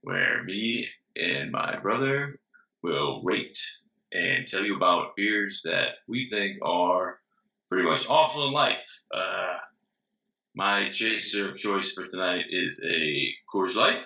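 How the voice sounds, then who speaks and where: A man's voice: sits low, lively intonation, slow pace, creaky, sharp tone. A man in his thirties co-hosting a casual beer-tasting chat, joking and self-deprecating. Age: 30s. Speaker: co-host. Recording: echoey, dull lo-fi room sound.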